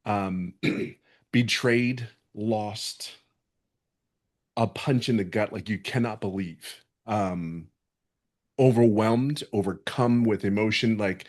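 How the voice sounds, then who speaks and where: A man's voice: on the low side, animated, slow. Fervent man in his fifties. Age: 50s. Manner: fervent and earnest, with many restarts. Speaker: webinar guest giving a testimonial. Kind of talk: emotional motivational testimony. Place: at home.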